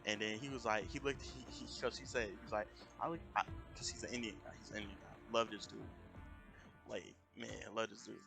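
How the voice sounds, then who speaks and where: A man telling a story in a casual, animated rant on a live stream, often jumping into raised voices to quote people. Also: lowish voice, a little fast, creaky. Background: music.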